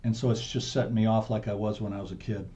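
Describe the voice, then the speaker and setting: A man's voice: lowish voice, steady tone, dark tone. A middle-aged man, a podcast guest, telling his story in a candid, earnest, conversational way. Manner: earnest, frank, speeds up and slows down to stress points. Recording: dull muffled podcast audio.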